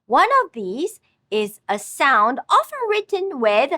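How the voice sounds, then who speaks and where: A woman teaching a scripted language lesson, speaking slowly and clearly, with words spoken twice for the listener to repeat. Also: high-pitched, very animated, bright, forceful tone, no room sound, studio quality. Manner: slow, careful, clearly enunciated instruction.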